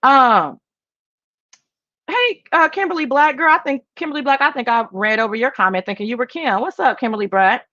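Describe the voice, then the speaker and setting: A woman hosting a casual livestream chat and reading viewer comments. She talks in an animated, emphatic, sassy way, swinging between high exclamations and low asides. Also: moderate pace, no room sound, highs cut off. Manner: sassy, talks straight to viewers as "girl" and "child". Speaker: livestream host.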